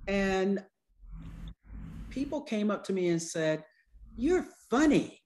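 A woman in her sixties, an anesthesiologist and speaker, telling stories in an interview with humor and lively quoted voices. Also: mid-range voice, slow. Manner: lively, acts out quoted people with voice changes; humorous, conversational. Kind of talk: storytelling in an interview.

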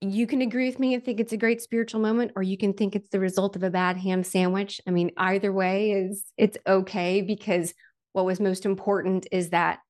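A woman tells a personal faith story candidly and chattily, earnest and emotional with bits of self-deprecating humor, and she fills her speech with "like" and "um." Her mid-range voice is a little mellow and level in tone, and she speaks a little fast.

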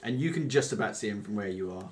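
A man's voice: on the low side, expressive, quick pace, slight background noise. Man running a tabletop game, full of ums. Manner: rambling, hesitant, full of ums and uhs. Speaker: game master. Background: background music.

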